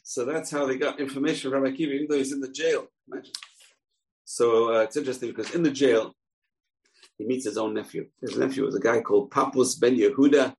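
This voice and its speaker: A man teaching through an animated storytelling lesson. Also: mid-range voice, fast talker, low-quality recording.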